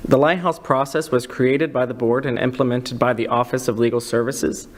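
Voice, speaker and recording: A man sums up a process for a school board in a steady, procedural reading, with a couple of slips. His voice sits at a middle pitch. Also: moderate pace. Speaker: district staff presenter. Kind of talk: reading a prepared briefing.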